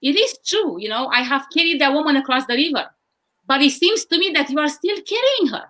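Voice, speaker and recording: A woman voicing a calm, wise male monk who answers in a gently teasing way. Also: extremely high pitch, fairly quick, voice pushed up, heavily acted.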